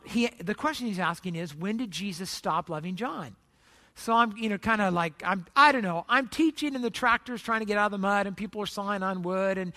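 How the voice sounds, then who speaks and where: A pastor preaching a sermon, an animated storyteller whose voice rises loud in the busy parts and softens into slow appeals. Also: mid-range voice. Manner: animated storyteller, rising loud when retelling chaos; trails off into soft, slow appeals at the close.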